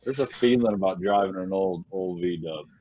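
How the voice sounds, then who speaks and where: A man's voice: low-pitched, moderate pace, crowd noise. A man co-hosting a podcast in slangy, profane casual chat. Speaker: podcast co-host.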